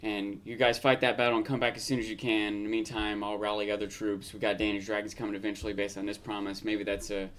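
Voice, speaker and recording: A man's voice: fairly low pitch, flat delivery, fast, few pauses, fairly bright tone, slight background noise. A man co-hosting a casual fan discussion, putting forward his ideas in a tentative, conversational way. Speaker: podcast co-host.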